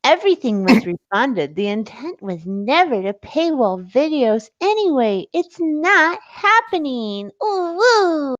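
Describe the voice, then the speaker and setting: A woman's voice: high voice, very animated, takes it slowly, few pauses, no room sound, lo-fi sound, full character voice. A woman putting on a mock-innocent baby voice, sing-song with cutesy "ooh woo" sounds.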